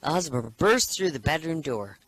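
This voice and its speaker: Brief: animated male comedian, bright voice. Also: on the high side, moderate pace. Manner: animated storyteller, laughs at own jokes. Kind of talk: telling jokes.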